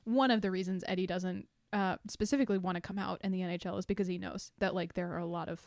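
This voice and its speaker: A woman with a mid-range voice who talks fast in casual podcast chat. She chimes in quickly with comments and short agreements. The sound is dry and close to the mic. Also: fairly low pitch, fairly even intonation, a little mellow, no room sound. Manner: quick, conversational, frequent short backchannels. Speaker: podcast co-host.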